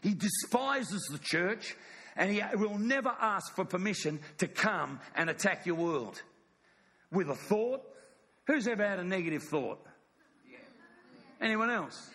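A middle-aged pastor preaches a sermon in a church with a high, bright, forceful voice, very animated yet at a measured pace, under a long reverb tail. He is emphatic, repeats phrases, and keeps asking the congregation "yes or no?"

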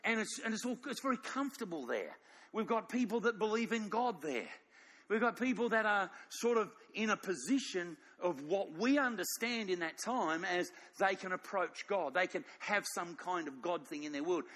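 A man's voice: high voice, gravelly, fairly bright tone. A man preaching a sermon in an emphatic storytelling way. He repeats phrases and puts questions to the audience. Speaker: pastor. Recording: long echoing hall reverb.

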